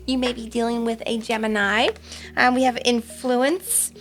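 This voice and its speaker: Woman, tarot reader, casual pick-a-card reading, slightly high voice, rambling with ums. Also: level tone, normal speed. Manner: chatty and rambling, with frequent ums.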